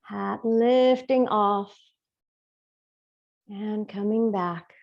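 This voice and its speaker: A woman teaching a gentle yoga class, with soft, playful step-by-step cues. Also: medium pitch, vocal fry, highs cut off. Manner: soft, slow, playful cueing.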